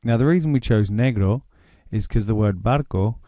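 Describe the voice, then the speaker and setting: A man with an English accent narrating a grammar lesson, explaining slowly and deliberately. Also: lowish voice, warm tone, dry recording. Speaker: language teacher.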